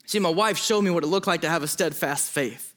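A man with a fairly high voice delivers a sermon. He speaks in an earnest, emotional and pleading way, and he often breaks off and restarts his sentences. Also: brisk, a bit bright. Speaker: pastor.

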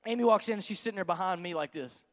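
A man, a pastor telling an animated, joking story to his congregation during a sermon. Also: high-pitched, rapid-fire, big-room sound. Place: church sanctuary.

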